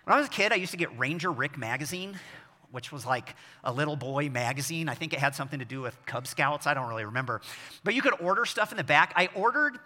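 A man in his forties preaching a sermon as pastor, telling self-deprecating stories with animated delivery. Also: fairly high pitch, quick pace. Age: 40s. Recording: long echo of a large hall.

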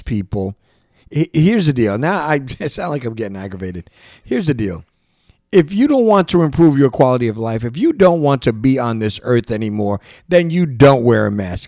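A man's voice: medium pitch, a little mellow, no room sound, clean studio sound. A man hosting a podcast, delivering an impassioned monologue, stumbling and repeating himself as he presses his point. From United States. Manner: repetitive, restarts often, emphatic rants. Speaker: podcast host.

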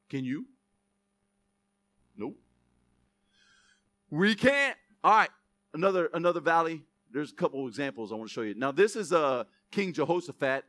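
A young man preaching a sermon as pastor, swinging between loud, emphatic preaching and self-mocking jokes. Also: mid-range voice, dry recording.

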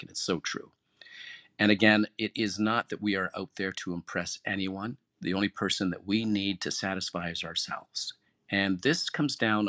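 A man's voice: low-pitched, a bit bright, no echo, clean studio sound. A man hosting an online group room, giving an earnest, encouraging motivational talk that repeats its key phrases. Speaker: room host and moderator.

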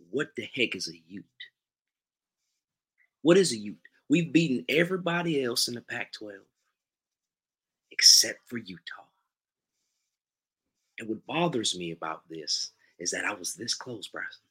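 Man doing a slow husky Southern drawl, a sulky sports fan moaning theatrically, bright edge. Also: medium pitch, exaggerated voice. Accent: put-on Southern US. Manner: mournful, drawn-out, theatrical. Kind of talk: comic bet-payment bit.

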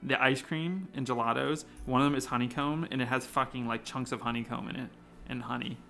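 A man co-hosting a podcast, telling cruise stories in animated, profane casual chat. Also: mid-range voice, brisk, creaky. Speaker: podcast co-host.

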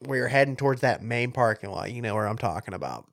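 A man with a West Virginia accent, co-hosting a podcast and excitedly telling a hunting story with frequent laughs. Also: mid-range voice, fast, creaky, no room sound, studio quality. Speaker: podcast co-host. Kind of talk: casual storytelling chat.

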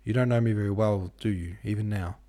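Sullen teary young woman in an audiobook, man reading her in a low voice lifted up a bit. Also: fairly even intonation, quick pace, mellow, lightly acted. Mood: sullen, tearful. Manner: sullen, tearful pleading. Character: poor sickly young London woman, sullen and weepy. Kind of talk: audiobook character voice.

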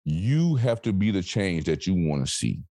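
A man's voice: low voice, very animated, normal speed, dark tone, no echo, clean studio sound. A man, an author guest on a podcast, talking bluntly and profanely in a motivational casual chat. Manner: blunt, profane, preachy emphasis.

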